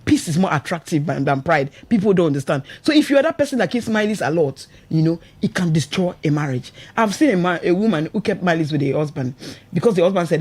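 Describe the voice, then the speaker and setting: Chatting about marriage on her radio show in a studio, this Nigerian English-accented host is animated and emotional, laughs often and checks in with "you understand?" Her voice is lowish and slightly rough, and she talks quickly with hardly a pause.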